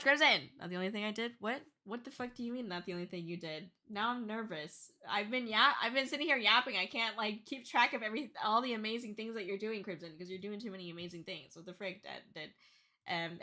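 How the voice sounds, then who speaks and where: A woman's voice: mid-range voice, fairly quick, bright, forceful tone. A young woman from Canada streaming live, chatting casually with chat and thanking viewers. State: tearful and shrieking with excitement. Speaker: VTuber streamer. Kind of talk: casual livestream chat reading chat.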